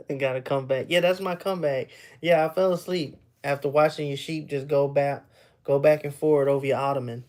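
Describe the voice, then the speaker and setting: A young man with a rather high-pitched voice, chatting casually with viewers on a livestream and laughing often. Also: fairly even intonation, moderate pace, darkish tone. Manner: laughs often, loose and playful, teases chat. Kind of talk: casual live chat.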